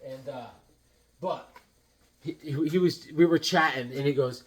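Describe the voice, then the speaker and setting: A worn-out man tells rambling, jokey stories with plenty of excitement. His voice sits fairly high for a man. He talks casually from a comic room in his home. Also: unhurried, long pauses, breathy edge. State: tired from lack of sleep. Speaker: comic collecting channel host.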